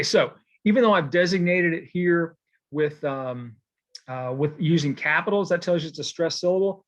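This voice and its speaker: A man gives a recorded poetry lecture in a loose, conversational way. His voice sits a little high for a man, and he keeps checking in with his listeners as he goes. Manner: casual and digressive, with many fillers and "okay?" check-ins. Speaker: poetry teacher.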